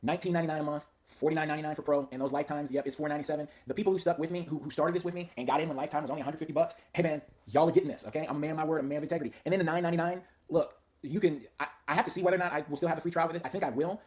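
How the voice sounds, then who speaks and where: A man rattles through a screen-share demo of his own software at a very rapid clip. His voice sits a little high for a man. He is chatty and hyped and talks straight to his viewers. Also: fairly even intonation. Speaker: software creator demoing his own tool.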